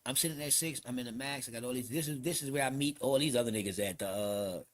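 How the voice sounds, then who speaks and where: A middle-aged man from New York telling a story in casual chat, animated and profane, often acting out the people he quotes. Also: medium pitch, fast talker, a little hiss or hum. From New York City. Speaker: podcast host telling a story.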